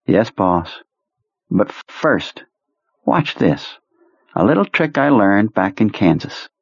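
A man's voice: on the low side, big pitch swings, takes it slowly, creaky, slightly rough, dry recording, dull audio, heavily acted. A man voicing a cold, contemptuous female soldier who speaks in a bored, clipped tone.

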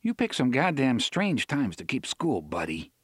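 A man's voice: mid-range voice, huge pitch swings, moderate pace, breathy edge, dry recording, clean studio sound. A man voicing an edgy, wisecracking young man with a wry, tense manner in an audiobook reading. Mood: sarcastic. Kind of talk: audiobook character voice.

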